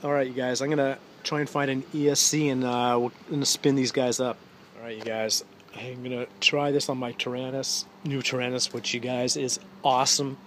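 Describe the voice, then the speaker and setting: A man's voice: mid-range voice, level tone, fairly quick, fairly bright tone, a little hiss or hum. A middle-aged man doing a casual, enthusiastic unboxing at home, who keeps saying "you guys" to his viewers. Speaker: RC hobby vlogger.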